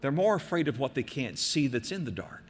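Older male pastor, earnest exhorting sermon delivery, mid pitch, big reverberant church hall sound. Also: expressive, slight background noise. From American Midwest. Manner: earnest, exhorting, slows and softens for emphasis.

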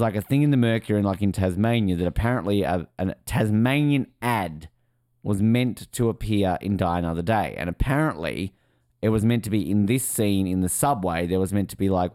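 A man's voice: lowish voice, mellow, no room sound, studio quality. A young man, co-hosting a casual movie commentary and rambling chattily with lots of ums and likes. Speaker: podcast co-host.

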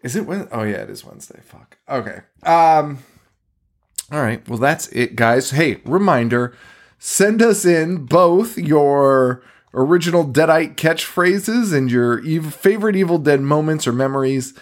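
A man's voice: fairly high pitch, lively intonation, measured pace. A man co-hosting a horror podcast in casual chat, tired and rambling, swearing often and laughing between sentences. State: tired, yawning. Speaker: podcast co-host.

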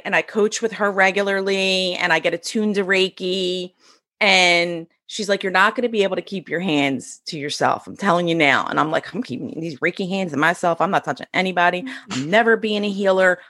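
A woman's voice: mid-range voice, a bit bright, dry recording, clean studio sound. A middle-aged woman from the US East Coast, a podcast guest telling her story bluntly and acting out what people said. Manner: blunt, acts out quoted dialogue.

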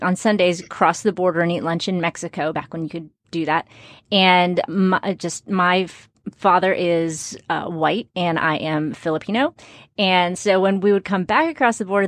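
A woman's voice: lowish voice, no echo. A woman in her forties from Chicago and South Texas, hosting a podcast with friendly, rambling talk and frequent restarts. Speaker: podcast host. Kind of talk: casual podcast interview.

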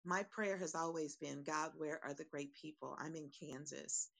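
A woman calls into a live audio room from Kansas, heartfelt and emphatic. Her voice is very low and gravelly with plenty of vocal fry. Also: moderate pace. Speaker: caller.

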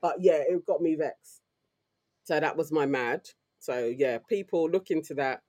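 A woman with a London accent, co-hosting a podcast and telling stories in a lively, slangy way. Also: deep voice, unhurried. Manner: animated, slangy storytelling. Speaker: podcast co-host. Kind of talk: casual chat.

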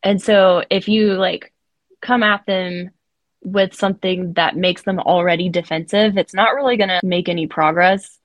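A woman's voice: lowish voice, steady tone, moderate pace, no room sound. A woman podcast co-host telling a story in a casual, chatty way, often saying "like".

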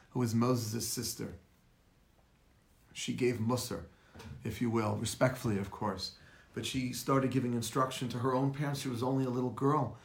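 A rabbi streams a lecture on Facebook Live, his mid-range voice carrying vocal fry and echoing around the room. He greets viewers by name and weaves his talk as stories full of rhetorical questions.

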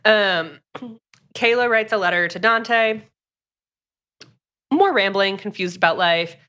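A young woman co-hosting a podcast, casually recapping a book in a lively storytelling way and acting out the quotes. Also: mid-range voice, takes it slowly, smooth. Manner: lively storyteller, acts out quotes, many fillers. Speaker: podcast co-host.

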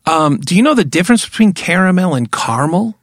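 Gravelly-voiced man, rambling jokey podcast chat. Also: high-pitched, sing-song, fast, fairly bright tone, dry recording, studio quality. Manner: rambling, jokey, restarts a lot. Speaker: podcast co-host. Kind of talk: casual comedic chat.

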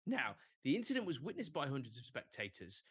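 An English man in his twenties or so talks casually on a sports podcast, his pitch rising and falling freely as he jokes and wanders into asides. The recording is dry and close. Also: fairly quick, husky, dry recording. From England. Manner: animated, jokey, fond of asides. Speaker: podcast co-host. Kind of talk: casual chat.

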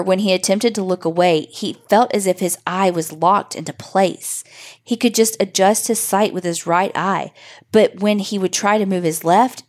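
A woman hosting a podcast, reading a listener's horror story in steady, measured narration. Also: mid-range voice.

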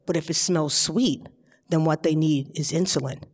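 Before a live audience in a large hall, a Bronx-born New Yorker recounts something from her own life, her voice sitting low at a moderate pace. She's chatty and animated, imitating the voices of her family.

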